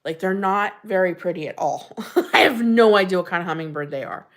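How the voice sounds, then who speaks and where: A woman's voice: fairly low pitch, a little fast, a bit bright. Woman hosting a casual live chat; friendly and talkative, laughs a lot, reads out viewer names. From Pennsylvania. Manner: chatty, greets viewers by name, laughs often. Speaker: livestream host reading chat.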